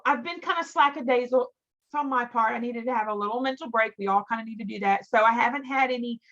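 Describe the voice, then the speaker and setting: A woman's voice: on the high side, fast, a bit bright, highs cut off. A middle-aged woman leading a team training call, talking in a chatty, emphatic way that often repeats words for stress. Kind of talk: motivational training talk.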